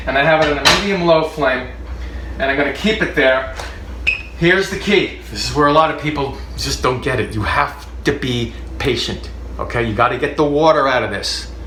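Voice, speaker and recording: A man's voice: on the high side, background noise. Joking cooking-show man in an echoey kitchen. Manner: jokey, chatty, laughs often, repeats points for emphasis. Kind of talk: comedic cooking demonstration. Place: home kitchen.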